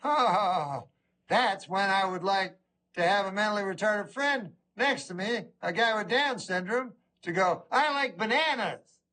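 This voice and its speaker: Middle-aged male stand-up comic, rambling and deadpan, fairly high and bright-toned. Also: moderate pace. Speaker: stand-up comedian. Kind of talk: stand-up comedy routine.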